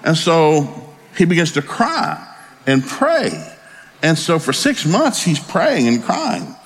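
A pastor preaching a sermon in a folksy, storytelling way with joking asides. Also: male voice, on the high side, huge pitch swings, takes it slowly, slight background noise.

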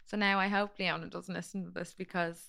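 A young woman co-hosting a podcast, an animated storyteller who laughs often. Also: fairly low pitch, a little fast, creaky. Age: young adult. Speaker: podcast co-host. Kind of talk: casual chat.

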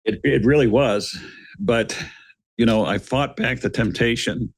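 A middle-aged man, a retired police officer, telling a dramatic story as a podcast guest, earnest, calling his listeners gentlemen and repeating words as he builds the story. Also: mid-range voice, measured pace, husky, no echo.

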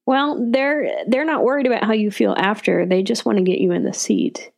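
Woman cohost with a gravelly fry, blunt, laughs a lot, swears casually. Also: fairly high pitch, expressive, normal speed, darkish tone. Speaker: podcast co-host. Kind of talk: casual chat.

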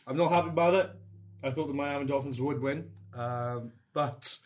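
A man's voice: medium pitch, normal speed. A man co-hosting a casual sports podcast, jokey and fond of puns. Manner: jokey, punning, mock-dramatic about lost bets. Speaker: podcast co-host.

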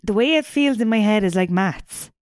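Chatty young Irish woman, smooth voice. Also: medium pitch, animated, moderate pace, no room sound, clean studio sound. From Ireland. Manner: chatty, swears freely, lots of "like" fillers. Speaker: podcast co-host. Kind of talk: casual chat.

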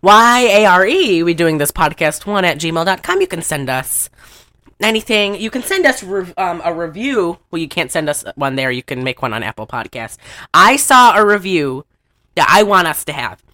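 A woman's voice: on the low side, sing-song, normal speed, sharp tone. A woman co-hosting a podcast in a rambling, giggly casual chat. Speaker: podcast co-host.

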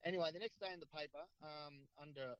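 A middle-aged Australian man rattles off his stories at a quick clip, rambling and slangy, doubling back on his own words. His voice sits a touch high for a man. The recording is dry and close but sounds dull and lo-fi. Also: fairly even intonation, smooth, no room sound. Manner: rambling, repeats himself, slangy. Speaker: guest, former rugby league player. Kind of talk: casual storytelling.

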